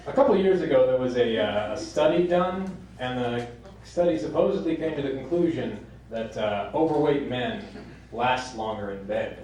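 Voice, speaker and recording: A man performing a stand-up comedy set on stage, with a deadpan delivery that jumps into high squeaky voices when he quotes people. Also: moderate pace, slight background noise. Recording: live club recording from a distance, echoing room, crowd laughter. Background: audience laughter.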